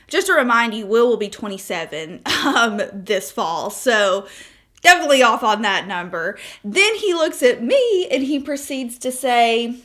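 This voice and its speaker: A woman's voice: on the high side, big pitch swings, measured pace, a bit bright. A 25-year-old woman chatting casually through a makeup tutorial, telling stories with asides and laughs. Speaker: beauty vlogger.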